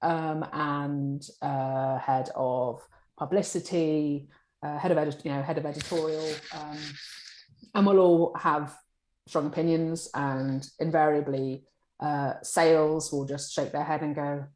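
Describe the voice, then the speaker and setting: A woman in a publishing role, answering interview questions in a chatty, animated way. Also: sits low, measured pace, slight background noise. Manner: chatty, animated, acts out colleagues' lines. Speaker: publishing director. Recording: echoey room.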